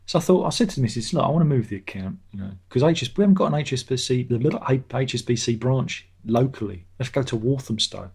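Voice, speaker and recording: Middle-aged man, casual stream chatter, sarcastic, mellow dark tone. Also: mid-range voice, animated, fast, hardly any pauses, breathy edge. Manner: rambling, sarcastic, laughs at his own jokes. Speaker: live stream host reading chat. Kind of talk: casual chat.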